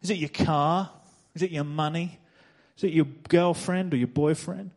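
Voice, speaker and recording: A man preaching from a church stage, his voice sitting notably high for a man. He drives his points home by repeating phrases and pressing the congregation with rhetorical questions. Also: fairly even intonation, normal speed, darkish tone. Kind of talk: sermon.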